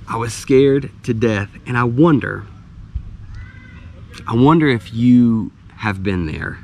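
A man's voice: mid-range voice, animated, slow pace, long pauses, a little mellow. A middle-aged man, preaching a sermon as a pastor in a conversational way, restarting phrases and laughing lightly.

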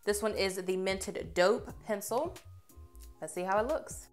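A young woman reviewing makeup on camera in a chatty, expressive way, gushing over what she tries. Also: mid-range voice, unhurried, faint music behind. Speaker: beauty vlogger.

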